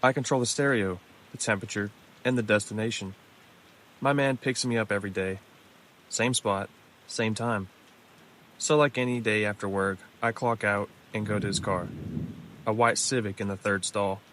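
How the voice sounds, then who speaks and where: A man reading scripted horror stories aloud in a measured, low-key way. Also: fairly even intonation, fairly bright tone, slight background noise, poor audio. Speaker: narrator. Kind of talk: scripted horror story narration. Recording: music clearly behind the voice.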